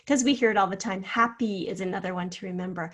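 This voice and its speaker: A woman teacher talks fifth graders through a spelling lesson. She breaks each word into syllables and names the letters one by one. Her pitch sits in the middle of the range. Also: a bit bright. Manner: slow, clear syllable-by-syllable spelling out.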